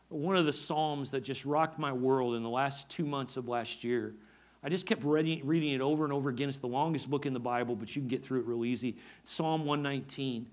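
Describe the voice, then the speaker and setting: A man preaching a sermon as pastor, emphatic and repetitive, often asking his congregation for an amen. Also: a little high. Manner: emphatic, repeats phrases, asks the congregation for amens.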